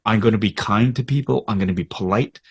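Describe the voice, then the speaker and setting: A man's voice: fairly low pitch, fast, husky. A man in his fifties, a podcast guest and actor from Canada, telling candid stories about his career and acting out voices and inner thoughts as he goes. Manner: animated, acts out quotes and inner thoughts. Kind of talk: candid conversational storytelling.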